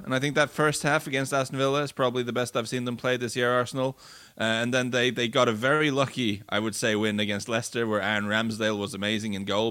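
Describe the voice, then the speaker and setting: A man's voice: medium pitch, bright, forceful tone, dry recording. A man breaking down football matches in a casual podcast chat, fluent but often restarting and repeating words. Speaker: football pundit. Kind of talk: casual sports podcast analysis.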